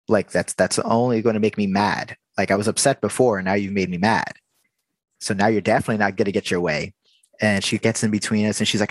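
Guy with a lowish voice telling a work story, acts out all the back and forth, dry close sound. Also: brisk, dry recording. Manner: animated, acts out the dialogue. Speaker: theme park worker telling a story. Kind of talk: casual storytelling.

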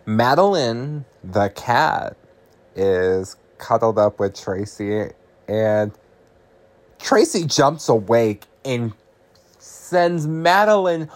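A man's voice: mid-range voice, expressive, drawn-out words. A man hosting a podcast, casually recapping a horror comedy with swearing, laughs and lots of "like" and "um". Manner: chatty, laughing, swears, uses filler "like" and "um". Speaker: podcast host.

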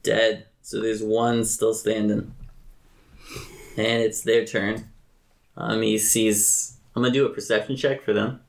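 A man running a tabletop game as game master, relaxed and quick to laugh. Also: on the low side, vocal fry.

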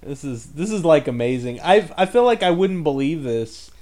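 A man with a somewhat high voice co-hosts a casual podcast. He reacts with wry, sarcastic remarks and jumps in with quick questions. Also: big pitch swings, darkish tone. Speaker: podcast co-host.

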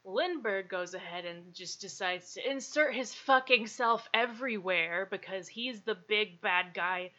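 A woman's voice: medium pitch, unhurried, hardly any pauses, sharp tone, dull audio. A woman casually telling a true crime story as podcast co-host, laughing often and swearing freely.

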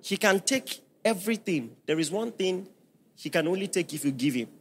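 A man's voice: sits high, lively intonation, moderate pace, husky. A man preaching a sermon as pastor, emphatic and firing questions at the congregation.

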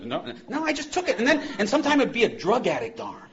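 A man speaking at a recovery convention, joking and animated, moving between loud bursts and hushed passages. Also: very high voice, fast, few pauses. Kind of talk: humorous personal talk to a live audience. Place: convention hall. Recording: dull lo-fi live talk recording.

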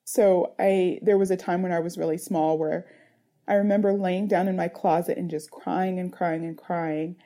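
A woman's voice: on the low side, fairly even intonation, normal speed, warm tone. A woman in her thirties, a mother speaking earnestly in an interview, searching for words with many fillers. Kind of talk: reflective personal interview.

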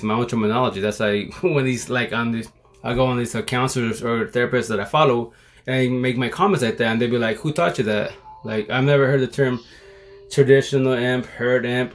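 A man in his forties talking on a live phone stream in a casual monologue, using street slang and repeating his mottos like a sermon. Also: medium pitch. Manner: streetwise slang, repetitive, preachy. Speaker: livestream host.

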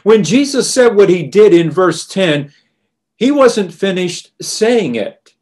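A male preacher delivers a sermon at an unhurried, deliberate pace. His voice sits a little higher than most men's, and he talks with steady earnestness, going quieter and lower when he quotes scripture. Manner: slow, earnest and deliberate, softening on quoted words.

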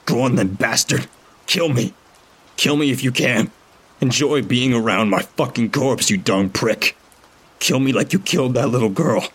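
A man voicing a desperate, angry male prisoner who shouts in fury. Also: lowish voice, normal speed, breathy edge, pitched above the performer's own voice. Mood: furious. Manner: shouting, furious.

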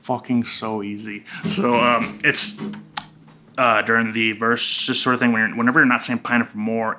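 A man's voice: medium pitch, little pitch movement, normal speed. A man, co-hosting a podcast in casual, rambling and crude joking chat, with guitar music underneath. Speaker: podcast co-host. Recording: music playing in background.

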